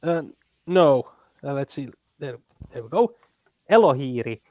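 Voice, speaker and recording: A man with a Finnish accent talking as a guest in casual chat, pausing often with fillers and restarts. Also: mid-range voice, expressive, darkish tone, dry recording, muffled recording. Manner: halting, many fillers and restarts.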